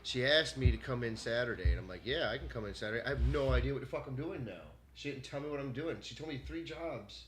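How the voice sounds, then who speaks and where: A man streaming from home, ranting furiously with constant swearing, swinging from shouting to low muttering. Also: quick pace, few pauses, a crowd in the background. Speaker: gaming streamer. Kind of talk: angry rant while streaming. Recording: echoey room with faint background noise.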